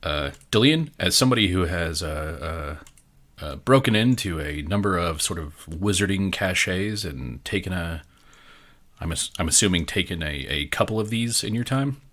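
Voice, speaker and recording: A man's voice: deep voice, expressive, normal speed, a bit bright. A man narrating a tabletop game as game master, in a loose, rambling delivery. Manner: rambling, with many fillers and restarts.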